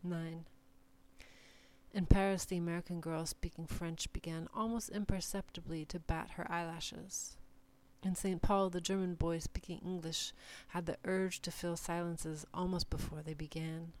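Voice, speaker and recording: A woman giving a measured, deliberate reading of short numbered literary passages. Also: lowish voice, fairly even intonation, darkish tone. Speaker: reader.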